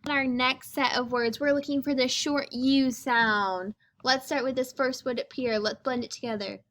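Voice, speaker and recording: A woman's voice: high voice, steady tone, fairly bright tone. A woman teaching a phonics lesson to young children, stretching out each sound and asking encouraging questions. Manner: slow, drawn-out sounding out of words; encouraging, sing-song questions.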